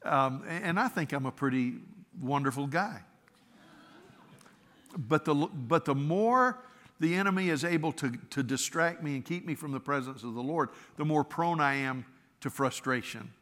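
A bright, forceful male pastor preaching in an earnest, conversational way, with a slightly higher voice than most men. He often stammers and restarts his phrases. His voice rings out with a long hall reverb. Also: animated, normal speed. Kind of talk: sermon.

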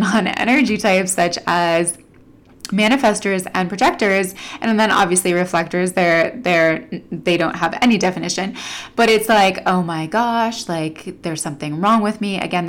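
Animated woman podcast host. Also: mid-range voice, moderate pace. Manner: animated, laughs often, acts out quoted inner voices. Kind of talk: casual solo podcast talk.

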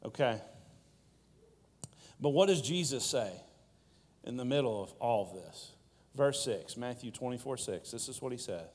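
A man's voice: mid-range voice, very animated, takes it slowly, pauses often, in a large hall. A male pastor preaching a sermon with rhetorical questions and playful asides.

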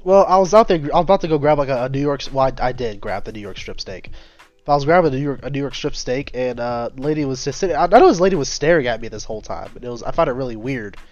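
A young man speaking bluntly on a relaxed podcast, telling stories in a deadpan way. His voice sits at an ordinary middle pitch, with faint music in the background. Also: fast talker, no room sound, muffled recording. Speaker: podcast co-host. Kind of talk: casual chat.

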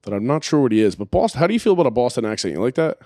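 A man's voice: mid-range voice, very animated, very fast, dark tone, no echo. Crude rambling man, dry close sound. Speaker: podcast host. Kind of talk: casual profane chat.

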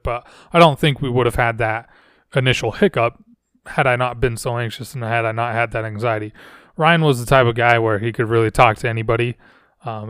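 A man's voice: mid-range voice, a bit bright, clear, resonant tone, dry recording, clean studio sound. A man hosting a podcast, telling personal stories in a rambling, self-reflective way with frequent restarts. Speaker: podcast host. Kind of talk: casual storytelling monologue. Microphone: podcast microphone.

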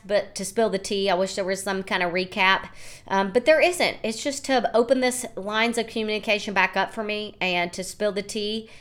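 A woman's voice: mid-range voice, sharp tone. A woman hosting her own podcast, talking candidly and emotionally in a rambling casual monologue full of fillers. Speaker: podcast host and small business owner.

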